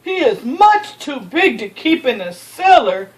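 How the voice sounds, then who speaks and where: A woman voicing a brisk, helpful male policeman in a storybook reading, matter-of-fact. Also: high voice, sing-song, rough recording.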